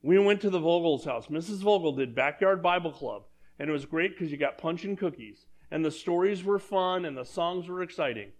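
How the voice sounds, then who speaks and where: Conversational preaching man, slightly high voice. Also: lively intonation, brisk, few pauses. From Southern California. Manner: conversational preaching, asks the congregation questions. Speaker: pastor. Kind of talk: sermon. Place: church.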